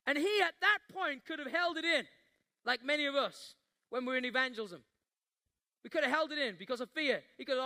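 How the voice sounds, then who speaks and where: A man preaches a passionate sermon, his voice sitting high and ringing bright. He acts out the Bible story with swelling intensity, then leads the room in prayer. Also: expressive, brisk. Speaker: pastor.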